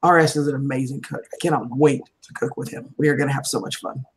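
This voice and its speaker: A woman's voice: rumbling low, steady tone, fast, husky, low-quality recording. A woman hosting a livestream, chatting casually and laughing often, her voice starting to tire. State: voice tiring. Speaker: livestream host. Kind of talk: casual chat.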